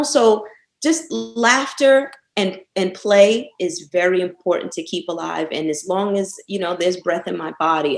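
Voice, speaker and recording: Woman chatting on a podcast, laughs a lot, lively storyteller, roomy echo on the mic. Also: mid-range voice. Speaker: podcast guest, author. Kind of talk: casual interview chat.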